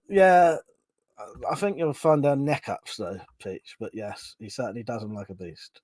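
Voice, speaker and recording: A man's voice: mid-range voice, animated, unhurried, no echo. A man hosting a livestream, chatting casually and reading viewer comments aloud, laughing often and swearing freely. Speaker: livestream host.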